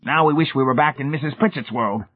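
A man's voice: medium pitch, fast, voice pushed up, lightly acted. A man voicing a thoughtful, reflective man who speaks in a questioning way. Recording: tinny phone-like sound.

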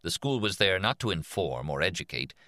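Low-voiced man reading an audiobook. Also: no room sound, clean studio sound. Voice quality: measured, expressive reading. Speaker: narrator. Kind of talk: audiobook narration.

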